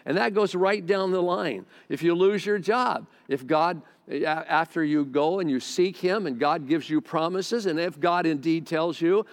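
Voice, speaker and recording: Preaching at a measured pace with hardly any pauses, a man with a fairly high voice talks conversationally to his congregation, stammering into restarts and making side comments. He uses a close microphone in a large hall full of long church reverb.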